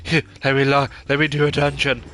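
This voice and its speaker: A man's voice: medium pitch, monotone, a little fast, a bit bright, soft background music. A tired man, yawning and mumbling as he plays a game and trails off mid-sentence. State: sleepy, yawning. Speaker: gamer streamer. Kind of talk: casual let's-play commentary.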